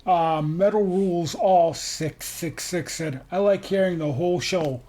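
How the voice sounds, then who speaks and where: A man co-hosting a podcast with a fairly high voice. He talks bluntly and jokes around, swearing as he goes. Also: measured pace, dark tone. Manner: blunt, joking, profane. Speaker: podcast co-host. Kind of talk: casual podcast chat.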